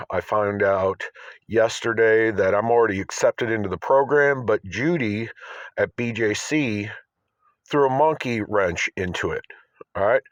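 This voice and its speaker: A man's voice: on the low side, no room sound. A man vlogging to camera, agitated and insistent, often asking "all right?". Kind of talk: rambling self-filmed monologue. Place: outdoors by his car.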